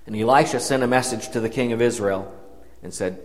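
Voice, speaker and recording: A man's voice: medium pitch, fairly quick. A man preaching a sermon, retelling a Bible story in a conversational way and paraphrasing the dialogue. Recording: long hall reverb.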